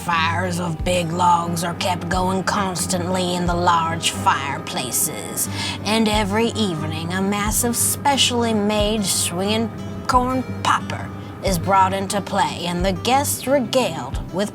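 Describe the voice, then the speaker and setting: A woman's voice: on the low side, takes it slowly, over music. A woman doing an old-timey railroad voice. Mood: stately. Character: old-timey railroad historian, stately and quaint.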